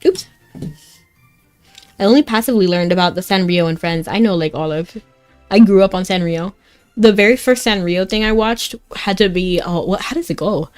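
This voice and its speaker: A woman's voice: medium pitch, moderate pace, darkish tone, clean tone. A young woman streaming a game, chatting casually and rambling to her chat with frequent giggles. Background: faint game music.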